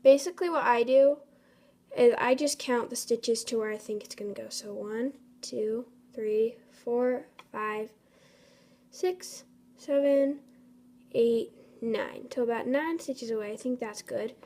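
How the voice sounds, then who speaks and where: A woman's voice: on the high side, a little slow, dark tone. A young woman hosting a casual craft tutorial, chatty and apologetic, talking to her materials as she works. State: a bit out of breath. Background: faint storm noise.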